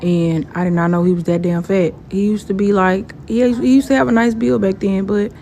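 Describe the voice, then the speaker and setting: A woman kicks off a casual storytime, blunt and playful in her jokes. Her voice sits at an ordinary middle pitch. A faint hum of room ambience runs underneath. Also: fairly even intonation, brisk, mellow. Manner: blunt, joking.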